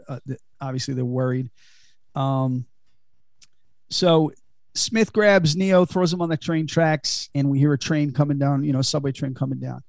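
A man's voice: mid-range voice, gravelly, a little mellow, no echo, clean studio sound. A man hosting a podcast, giving a casual, chatty film recap full of fillers and laughs. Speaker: podcast host.

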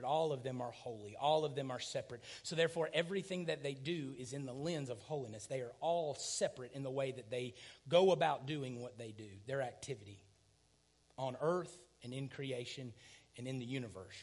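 A man, preaching a sermon, swinging from loud emphatic passages to hushed near-whispers. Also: mid-range voice, fairly quick. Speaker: pastor.

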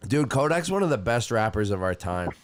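A man's voice: mid-range voice, sing-song, a little fast, slight background noise. A man co-hosting a podcast in casual chat, talking with enthusiasm and eager storytelling. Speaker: podcast co-host.

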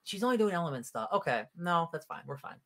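A man's voice: fairly high pitch, animated, fast, a bit bright. A man co-hosting a podcast, rambling loosely about a film and leaning heavily on "like" as a filler. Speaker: podcast co-host. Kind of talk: casual movie review chat.

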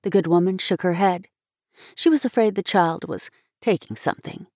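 A woman reading a classic story aloud in an expressive, measured way. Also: on the low side, no echo, clean studio sound. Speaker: story reader. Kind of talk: storybook narration.

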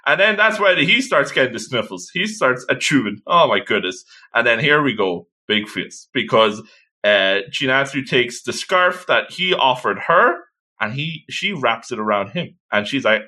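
A man's voice: mid-range voice, animated, normal speed, pushed and bright. A man co-hosting a casual chat about a comic, enthusiastically retelling scenes and acting out lines. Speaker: co-host discussing a manga chapter.

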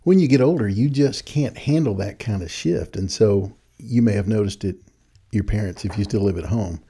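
An older man giving friendly, animated advice to young people in a folksy storytelling manner. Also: on the low side, moderate pace, slightly rough. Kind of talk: casual talk.

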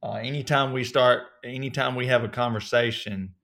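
A man in his thirties from North Alabama with a strong Southern accent, a guest telling relaxed, folksy stories in an interview. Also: medium pitch, normal speed, vocal fry. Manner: relaxed, folksy storytelling with many fillers. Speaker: actor guest. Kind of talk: casual interview.

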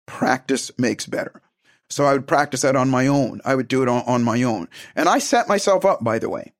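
A man giving a motivational self-help talk, emphatic and animated, acting out little conversations as he goes. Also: mid-range voice, fast.

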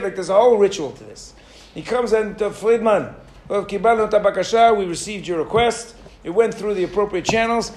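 Lively high-voiced male teacher, echoey room. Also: a little hiss or hum. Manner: lively, animated storyteller, asks the class questions. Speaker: Torah teacher. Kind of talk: storytelling lesson to a class. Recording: echoey room with faint ambience.

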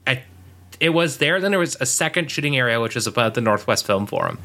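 A man's voice: medium pitch, lively intonation, fast talker, sharp tone. A man co-hosting a podcast, recapping a show in casual chat and rambling with many fillers. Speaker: podcast co-host.

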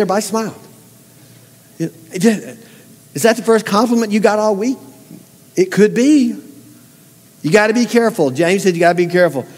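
Emphatic preacher in an echoing hall. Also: male voice, sits high, a little mellow. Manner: folksy, emphatic preaching with direct questions to the congregation. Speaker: pastor. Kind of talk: sermon. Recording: long hall reverb.

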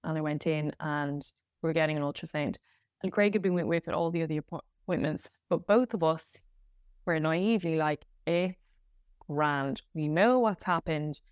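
A woman's voice: low-pitched, brisk, darkish tone, clear, resonant tone, no room sound, studio quality. An Irish woman hosting a podcast, telling a personal story in a candid, rambling way with many fillers and restarts. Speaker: podcast host.

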